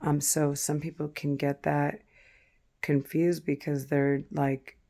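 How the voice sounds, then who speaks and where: Slow, low, gravelly-voiced woman. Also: flat delivery, mellow. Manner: halting, with frequent pauses and fillers. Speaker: vlogger. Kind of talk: casual to-camera talk.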